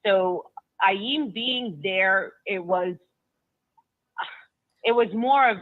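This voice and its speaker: Halting woman on a tinny phone line. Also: medium pitch, no echo. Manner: halting, with frequent restarts and repeated words. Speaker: guest recounting a personal story. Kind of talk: emotional first-person storytelling.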